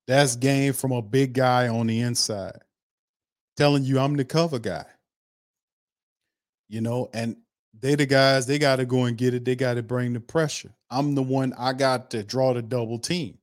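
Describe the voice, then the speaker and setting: A man hosting a sports podcast, talking in an animated, repetitive way. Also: medium pitch, normal speed, no echo, studio quality. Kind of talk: casual sports commentary.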